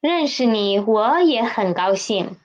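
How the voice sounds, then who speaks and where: A patient language teacher, a woman, speaks slowly in a fairly high voice. She repeats key phrases and keeps checking that learners follow. The recording sounds dull and lo-fi. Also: animated. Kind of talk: slow explanatory lesson.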